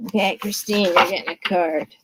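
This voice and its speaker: A woman's voice: mid-range voice, slow, noisy background. A woman giving a casual live tarot reading from her desk, chatty and reassuring, often checking in with the listener. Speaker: tarot card reader. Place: seated at a desk.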